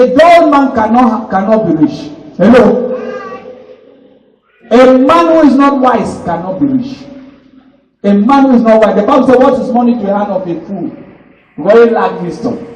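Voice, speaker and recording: A man preaches in a high, urgent voice and keeps drawing call-and-response from the congregation. He sounds a little distant from the mic in an echoey church hall. Faint background noise sits under the recording. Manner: emphatic call-and-response preaching, prompting replies. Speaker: pastor. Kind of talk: sermon. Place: church service.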